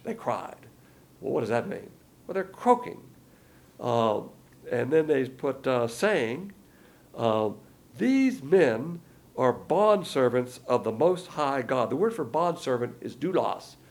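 A man's voice: medium pitch, vocal fry, a little mellow. A man giving a folksy, rambling verse-by-verse Bible lesson, with many fillers along the way. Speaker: Bible teacher.

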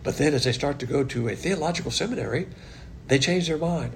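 A man's voice: a little high, fast, a little hiss or hum. A man teaching verse by verse from the Bible in a blunt, emphatic way, with mocking asides.

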